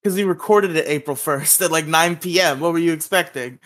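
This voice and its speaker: A man's voice: a little high, a little fast, fairly bright tone. A man co-hosting a podcast in casual chat, with dry, sarcastic humor and frequent laughs. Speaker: podcast co-host.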